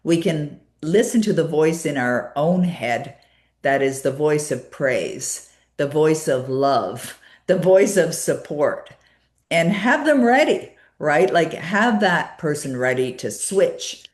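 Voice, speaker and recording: A woman guest in an interview, telling a personal story with many fillers and a lively retelling of conversations. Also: deep voice, slow pace, roomy sound.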